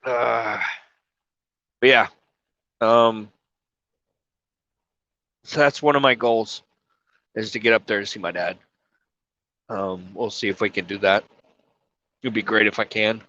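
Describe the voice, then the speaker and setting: A man's voice: on the low side, fairly even intonation, slow pace, long pauses, pushed and bright, no room sound, dull audio. A man live-streaming from his truck cab, crying and sniffling as he talks emotionally, swearing and apologizing. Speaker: trucker livestreamer. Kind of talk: casual live-stream talk.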